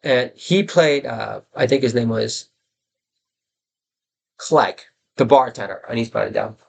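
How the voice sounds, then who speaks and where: A man's voice: mid-range voice, unhurried, vocal fry, a little mellow, slightly rough. A man in his forties hosting his own podcast, telling crude, self-deprecating, meandering stories in a loose solo monologue. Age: 40s. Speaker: podcast host and comedy writer.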